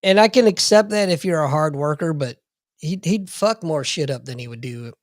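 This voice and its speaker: A man's voice: on the high side, normal speed, no room sound, clean studio sound. A man co-hosting a podcast, a military veteran telling a war story bluntly, cursing and laughing. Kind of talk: casual storytelling chat.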